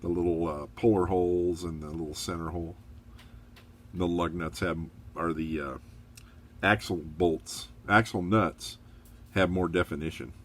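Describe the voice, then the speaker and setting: A middle-aged man giving a relaxed, chatty review of a model kit, rambling a little and encouraging viewers. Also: sits low, a little slow, slight background noise. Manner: upbeat, encouraging. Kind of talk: casual hobby review.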